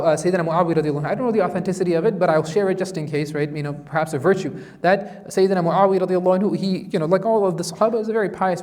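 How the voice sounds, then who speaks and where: Brisk, high-voiced imam in a reverberant hall. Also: male voice. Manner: animated storytelling, conversational asides. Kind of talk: Quran tafsir lesson.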